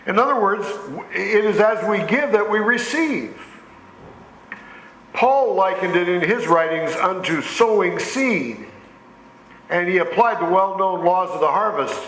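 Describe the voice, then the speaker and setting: A man's voice: sits high, lively intonation, measured pace, fairly bright tone, echoey room, a little hiss or hum, low-quality recording. A man preaching a sermon as pastor in a church, telling folksy stories and lifting his voice on the scripture passages. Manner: folksy storytelling with rising emphasis on scripture. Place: church sanctuary.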